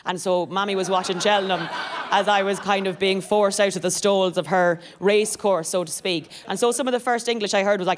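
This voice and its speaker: A woman with an Irish accent performing a stand-up comedy set on stage before a live audience, talking quickly and breaking into loud squeals. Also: medium pitch, fairly even intonation, a little hiss or hum. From Ireland.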